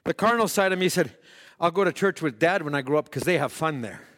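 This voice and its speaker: A man preaching a sermon who swings between shouted peaks and hushed, drawn-out passages, telling stories with quoted voices. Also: on the high side, animated. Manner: dramatic storytelling with quoted voices.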